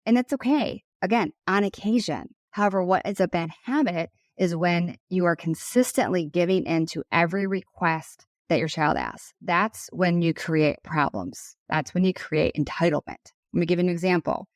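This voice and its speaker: A woman in her thirties talks through her podcast in an earnest, conversational way. Her voice sits on the low side, and it comes across dry and close with no room sound. She speaks with passion, like an advisor coaching parents. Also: normal speed, few pauses, no echo. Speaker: podcast host and financial advisor. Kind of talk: solo podcast talk.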